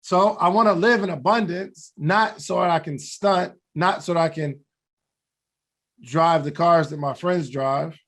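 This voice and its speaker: A man's voice: fairly high pitch, a little slow, a bit bright. A man co-hosting a podcast, talking through goals in an earnest, reflective way and laughing at himself now and then. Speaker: podcast co-host. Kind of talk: motivational talk.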